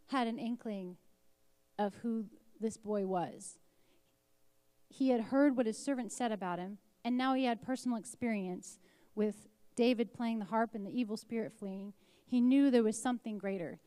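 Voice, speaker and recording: A woman's voice: fairly high pitch, dark tone, smooth, no echo. Woman giving a casual Bible lesson. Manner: conversational, reads scripture aloud and dramatizes quotes. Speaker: Bible teacher. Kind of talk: informal Bible teaching.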